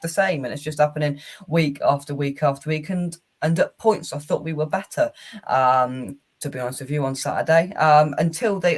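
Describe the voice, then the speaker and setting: A man hosting a laid-back football talk show, speaking at an everyday middle pitch. His analysis is frank and weary, full of ums and restarted phrases. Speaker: host. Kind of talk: casual football chat.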